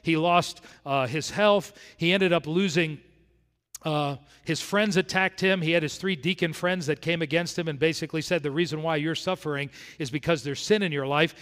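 A man from South Florida preaching a sermon verse by verse, moving between quiet and emphatic delivery. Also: fairly high pitch, normal speed. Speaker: pastor. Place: church sanctuary. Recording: long hall reverb.

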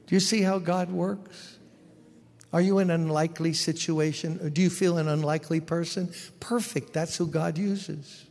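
A male pastor preaching in a church sanctuary, his gravelly, fairly high voice ringing with long hall reverb. He urges and coaxes the congregation, tossing out rhetorical questions between plain, conversational encouragement. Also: a little slow. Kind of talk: sermon.

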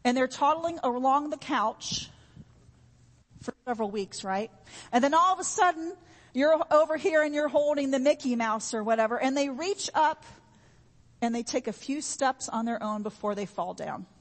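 A woman's voice: high voice, animated, normal speed, in a large hall. A woman preaching a sermon in an earnest, repetitive way, with homey everyday examples.

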